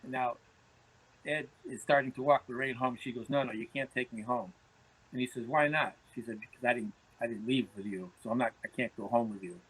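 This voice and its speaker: A man's voice: mid-range voice, fairly quick, a bit bright, slightly rough, rough recording. A man, a podcast guest telling anecdotes in conversation, often repeating words as he starts phrases. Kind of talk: storytelling in conversation.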